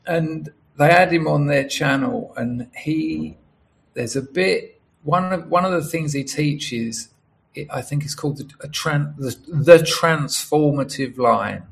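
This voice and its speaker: A middle-aged man with a gravelly voice talks casually, stopping and restarting often. He acts out the voices of the people in his stories as he rambles through them. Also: fairly high pitch, slow. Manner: rambling, many restarts, acts out quoted dialogue. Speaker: writer and storyteller. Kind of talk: casual monologue.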